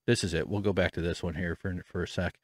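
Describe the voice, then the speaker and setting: Talking quickly in a low voice with fairly even intonation, a man hosts a podcast from his home studio. Using a studio mic and headphones, he rambles casually, makes fun of himself, and swears a lot.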